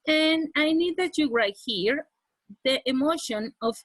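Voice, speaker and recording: A woman's voice: high voice, lively intonation, measured pace, fairly bright tone, dry recording. Woman teaching English, dry close mic. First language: Spanish. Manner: repeats "okay?" after each point, switches into Spanish. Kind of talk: online class lesson.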